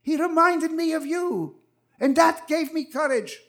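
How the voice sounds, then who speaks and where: An older man voicing a warm, persistent Russian refugee with a heavy Russian accent, told inside a live true story. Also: extremely high pitch, unhurried, voice pushed up, exaggerated voice. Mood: exuberant.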